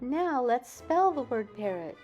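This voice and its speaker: A woman teaching young children, sounding out words slowly and spelling them letter by letter. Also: on the high side, very animated, loud music behind the voice.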